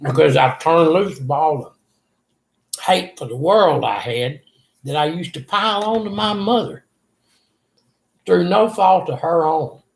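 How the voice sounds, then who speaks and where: A man's voice: fairly high pitch, a little slow, vocal fry, pauses often. An older man, earnestly telling a rambling personal story in an interview. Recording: echoey room.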